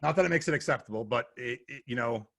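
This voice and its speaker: Podcast guest, man; easygoing and rambling, bright forceful voice, dry close sound. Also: mid-range voice, quick pace, creaky, dry recording. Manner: easygoing, rambling, with lots of fillers. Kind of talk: casual chat.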